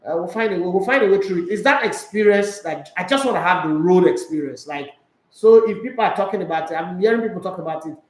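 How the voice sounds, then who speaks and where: This man hosts a relaxed sports chat on a live stream, speaking with a Nigerian accent and switching into Pidgin while going through viewer comments. His high-pitched voice is animated and quick, and the recording is rough with a roomy sound.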